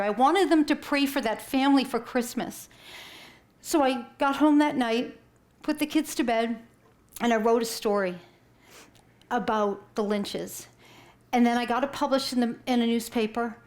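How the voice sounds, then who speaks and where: A middle-aged woman giving an emotional storytelling talk, rising high when moved and dropping to a whisper. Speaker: inspirational speaker.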